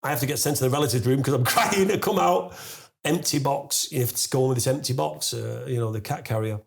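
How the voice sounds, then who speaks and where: A man in his forties, a podcast guest, telling a long anecdote with lots of fillers and restarts, and getting louder and higher as he laughs through the punchline. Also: fast talker, creaky. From England. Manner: animated storyteller, rising to loud laughing disbelief; frequent fillers and restarts, swears casually. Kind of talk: storytelling in a podcast interview.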